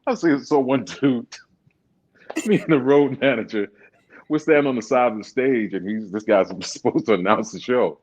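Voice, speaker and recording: A man telling stage stories in a casual interview, animated and laughing often, mimicking other people's voices. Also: mid-range voice, moderate pace, breathy edge, muffled recording. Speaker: guest singer. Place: radio studio.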